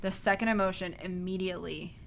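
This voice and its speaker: A woman's voice: fairly low pitch, fairly even intonation, fairly quick, vocal fry, fairly bright tone, slight background noise. A woman in casual conversation, explaining a film's ideas in a chatty way. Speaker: co-host discussing a film. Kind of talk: casual chat.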